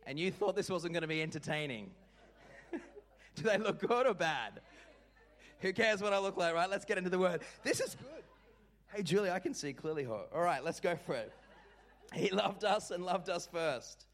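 A man delivering a sermon from the pulpit with a fairly high speaking voice. He preaches expressively, rising and falling, and calls on the congregation to repeat phrases after him. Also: normal speed. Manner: expressive preaching, leads congregation responses, jokes with the room. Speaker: pastor.

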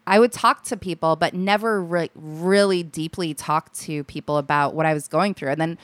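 A woman's voice: low voice, moderate pace, no room sound. A young woman from Alaska, a podcast guest chatting casually, laughing often and restarting her sentences. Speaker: podcast guest, comedy writer. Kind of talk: casual chat.

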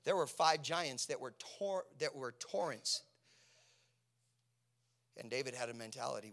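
Guy preaching a sermon, bright edgy voice, goes from hushed to yelling, keeps asking the crowd stuff. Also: mid-range voice, steady tone, normal speed. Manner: swings from hushed near-whispers to loud shouting; asks the congregation questions.

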